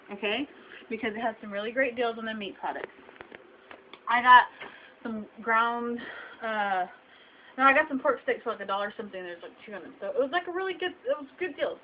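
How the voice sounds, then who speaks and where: A woman's voice: fairly high pitch, a little hiss or hum. A young woman venting to her camera, telling an upsetting story with indignant emphasis. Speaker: vlogger. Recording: dull lo-fi webcam audio.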